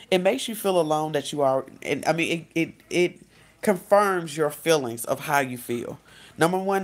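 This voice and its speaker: A woman life coach giving casual advice in a vlog, talking directly to her viewers in a relaxed, conversational way. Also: sits low. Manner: conversational, speaks straight to viewers, acts out quotes.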